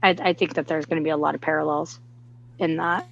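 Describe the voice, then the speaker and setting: A woman co-hosting a casual livestream chat, offering opinions and quick agreement. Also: deep voice, fairly even intonation, gravelly, dull audio, a little hiss or hum. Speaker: co-host.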